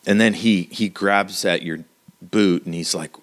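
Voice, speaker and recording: A man narrating a tabletop role-playing game as game master, halting with many fillers. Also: deep voice, fairly even intonation.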